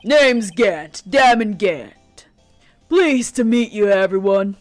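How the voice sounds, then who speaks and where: A woman's voice: mid-range voice, expressive, slow pace, soft background music. A woman voicing a jovial, overfamiliar older male police chief while reading game dialogue aloud.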